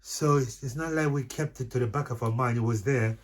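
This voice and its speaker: A man's voice: medium pitch, a little fast. A young adult man, chatting in an easygoing way as co-host, often checking he is understood. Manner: easygoing, laughs often, repeats "if you get what I mean". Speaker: co-host of a couples channel. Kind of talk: casual chat.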